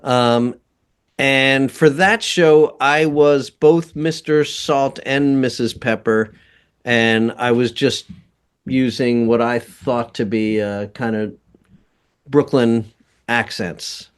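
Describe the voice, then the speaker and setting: Male guest for a casual interview, unhurried and rambling, with a smooth, clear tone. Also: medium pitch, steady tone. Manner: slow, rambling, laughs often. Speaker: guest composer and voice actor.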